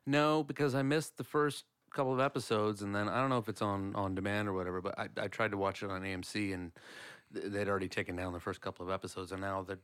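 A man's voice: fairly low pitch, little pitch movement, fast, a bit bright, smooth, no echo. A man co-hosting a podcast in casual chat, joking around and blurting out goofy non sequiturs. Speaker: podcast co-host.

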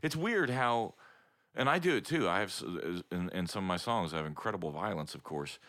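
A man's voice: on the low side, animated, a little fast, a bit bright, dry recording, studio quality. A man co-hosting a podcast in casual chat, laid-back and teasing. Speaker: podcast co-host, musician.

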